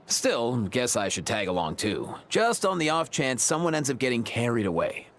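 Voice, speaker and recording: A man's voice: mid-range voice, very animated, normal speed, a bit bright, a little hiss or hum. A man voicing a weary, sardonic young veterinarian in a game, with a dry, sighing manner. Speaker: vet. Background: game music.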